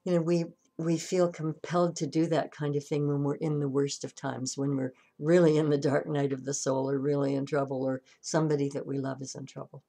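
A woman's voice: low-pitched, flat delivery, a little fast, few pauses, warm tone. A woman minister giving a sermon and retelling a story conversationally, with frequent restarts.

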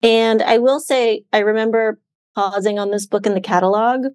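A woman's voice: medium pitch, normal speed, clear, resonant tone, no echo. Chatty woman in a dry studio. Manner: chatty, relaxed, many "um"s and "like"s. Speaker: podcast co-host, bookseller. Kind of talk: casual book chat.

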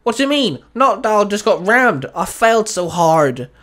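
Man voicing eager boy trainer, high-pitched, loud, excited. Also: normal speed. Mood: dejected.

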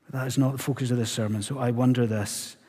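A man preaching a sermon live in a church, animated and constantly asking the congregation questions. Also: medium pitch, quick pace, husky. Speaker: pastor. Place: church sanctuary. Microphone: live church recording. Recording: long church reverb.

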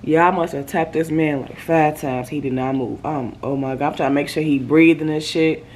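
A woman's voice: low voice, moderate pace, a little mellow, slight background noise. A young woman, telling a story in a vlog, swearing freely and acting out what her boyfriend said. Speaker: vlogger. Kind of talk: casual storytime chat.

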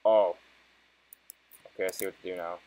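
A man's voice: deep voice, flat delivery, moderate pace, dark tone, no echo, rough recording. Young man swearing through gameplay. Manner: swears constantly, frustrated and joking. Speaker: let's play gamer. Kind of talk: casual gameplay commentary.

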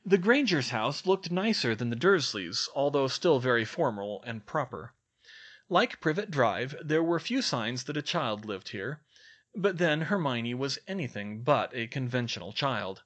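Expressive man reading a story. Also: medium pitch, measured pace. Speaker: reader. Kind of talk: audiobook narration.

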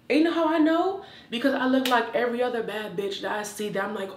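A woman's voice: on the high side, a little fast, hardly any pauses, slight background noise. Sassy woman vlogger in a roomy room. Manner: sassy, exuberant, says "child" often. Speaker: fashion vlogger. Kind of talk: casual try-on haul chat. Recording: roomy, from a distance.

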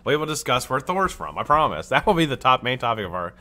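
An American man hosting a casual live stream, chatty and animated, greeting chat and swearing freely. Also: mid-range voice, fast. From United States. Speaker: livestream host.

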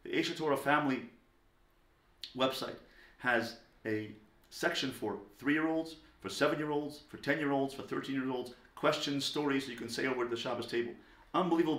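A man giving a lecture on parenting, talking emphatically and swinging between loud stressed words and soft low asides. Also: a little fast. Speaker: parenting teacher. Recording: echoey room.

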